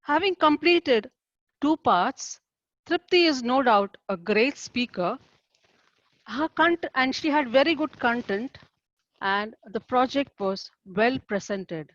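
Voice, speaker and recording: A woman's voice: fairly high pitch, lively intonation, a bit bright, no room sound. Lady evaluating a speech, encouraging and formal, dull lo-fi call sound, dry. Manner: measured, formal and encouraging feedback.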